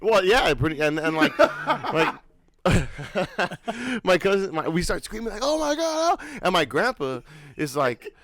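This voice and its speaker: Animated young man rambling through a story. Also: sits high, takes it slowly, crowd noise. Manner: rambling, animated, full of fillers and swearing. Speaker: podcast co-host. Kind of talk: casual storytelling chat.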